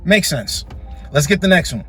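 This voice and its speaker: A man's voice: on the high side, expressive, moderate pace, fairly bright tone, soft background music. A man hosting a reaction video, talking in a blunt, mocking way as he comments on clips.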